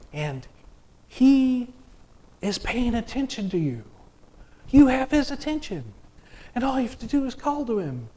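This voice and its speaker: Middle-aged male preacher, folksy and conversational, slow delivery with a very lively pitch. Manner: folksy, conversational preaching with many restarts and rhetorical questions. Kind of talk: sermon.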